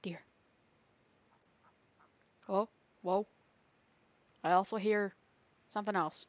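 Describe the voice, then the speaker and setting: A woman's voice: mid-range voice, fairly even intonation, slow, no echo, dull audio. Giggly woman rambling through gameplay. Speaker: gaming video creator. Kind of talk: thinking aloud during gameplay.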